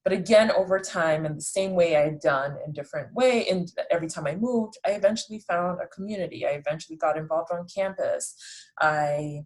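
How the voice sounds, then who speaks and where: A woman's voice: on the low side, brisk, low-quality recording. A woman in her late twenties hosting a podcast, chatting casually about her own life in a self-deprecating way and often restarting sentences. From raised in the Netherlands. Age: late 20s. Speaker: podcast host. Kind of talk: casual personal storytelling.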